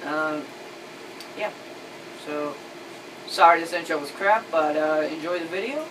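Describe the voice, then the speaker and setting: A low-pitched woman hosts a casual gaming video, exasperated and mocking as she argues. She is far from the mic. Steady background noise runs beneath her voice. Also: unhurried. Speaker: gaming channel host. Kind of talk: casual video intro and game chat. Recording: distant noisy home recording.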